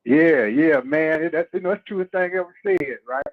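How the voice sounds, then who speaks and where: A male guest talking in an animated, streetwise way over a phone line, often asking "you know what I mean". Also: a little high, moderate pace. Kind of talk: casual radio talk.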